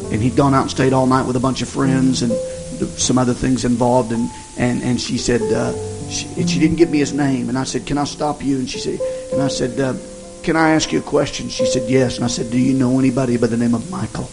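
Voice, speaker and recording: Gravelly-voiced man telling a sermon story. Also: medium pitch, low-quality recording. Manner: folksy, halting storyteller with many restarts. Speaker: evangelist. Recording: music playing behind the voice.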